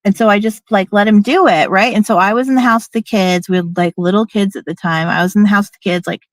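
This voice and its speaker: A woman's voice: mid-range voice, steady tone, quick pace, dry recording. A middle-aged woman telling a personal story in a candid, emphatic, casual way, now and then swearing and acting out what people said.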